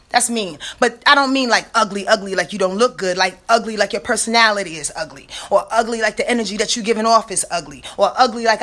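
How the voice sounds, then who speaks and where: A woman astrologer giving a casual weekly rundown, slangy and animated, talking straight to her listeners. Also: a little high, quick pace, hardly any pauses.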